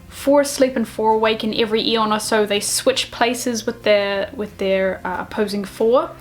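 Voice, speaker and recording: A woman, chatting excitedly and self-deprecatingly in a casual book vlog. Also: on the high side. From New Zealand. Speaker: book vlogger.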